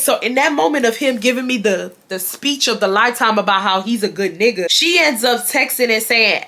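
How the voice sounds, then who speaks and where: A woman in her twenties from Houston, telling a storytime vlog in an animated, emphatic way and addressing viewers as y'all. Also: fairly high pitch, normal speed. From Houston, Texas. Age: 20s. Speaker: YouTuber.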